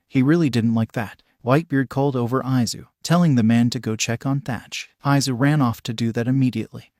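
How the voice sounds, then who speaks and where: A man's voice: medium pitch, darkish tone, no room sound, studio quality. A man steadily narrating a fanfiction story.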